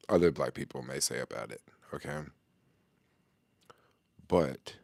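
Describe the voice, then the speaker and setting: A middle-aged man with a deep, low voice talks loosely to camera, full of street slang and easy chuckles. He answers a viewer's question in an unhurried, conversational vlog style. The sound is close and dry, with no room around it. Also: dry recording. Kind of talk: casual talk to camera.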